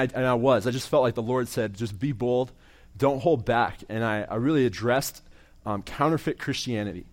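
A young man, a campus minister, preaching in an earnest testimony style, often repeating words as he restarts and letting sentence ends drop quiet. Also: medium pitch.

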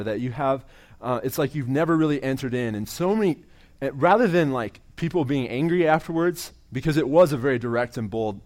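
Earnest young man preaching a sermon. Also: medium pitch. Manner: earnest, restarts phrases, trails off quietly at sentence ends. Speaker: campus minister and preacher. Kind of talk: testimony-style sermon.

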